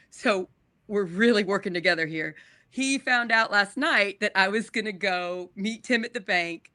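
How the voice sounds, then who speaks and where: A woman's voice: medium pitch, sharp tone, dry recording. A woman co-hosting a podcast, telling a personal story in an earnest, emotional way. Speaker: podcast co-host. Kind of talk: casual chat.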